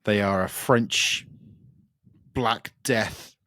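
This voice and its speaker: A man's voice: lowish voice, drawn-out words, bright, forceful tone, no room sound, clean studio sound. A man co-hosting a music podcast, chatting casually and enthusiastically about upcoming records, rambling with lots of fillers. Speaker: podcast co-host.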